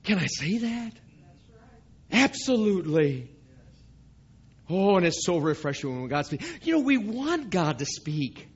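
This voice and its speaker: A man preaching a sermon at a church service, reading scripture aloud and swelling louder on his key points. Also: a little high, very animated, unhurried, husky, lo-fi sound. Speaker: pastor.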